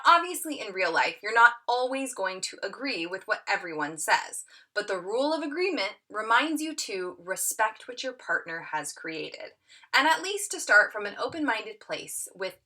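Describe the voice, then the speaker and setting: A woman's voice: medium pitch, sing-song, moderate pace, pushed and bright. A middle-aged woman teaching a tutorial, reading an excerpt aloud and acting out the quoted lines with lots of expression.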